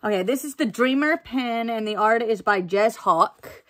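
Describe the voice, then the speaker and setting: A young woman chatting casually as she unboxes items for her book vlog, excitable and full of fillers. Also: fairly high pitch, moderate pace. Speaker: book vlogger.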